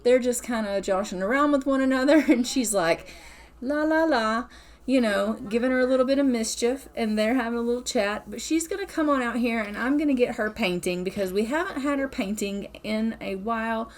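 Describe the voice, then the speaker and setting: A woman's voice: fairly high pitch, fairly quick, few pauses. A woman host narrating her life-simulation gameplay in a chatty, playful, casual way, laughing now and then. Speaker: gaming channel host. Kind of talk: casual let's-play narration.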